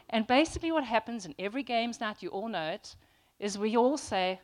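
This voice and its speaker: A woman's voice: fairly high pitch, lively intonation, a little fast. A woman preaching a sermon to a congregation, earnest and emphatic, often restarting with ums.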